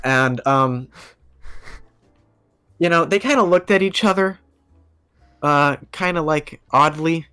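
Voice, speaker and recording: A smooth-voiced man telling a rambling story. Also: a little high, slow pace, long pauses, bright, forceful tone, no echo. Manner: rambling, filler-heavy, acts out quoted dialogue. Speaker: podcast guest. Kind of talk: casual storytelling.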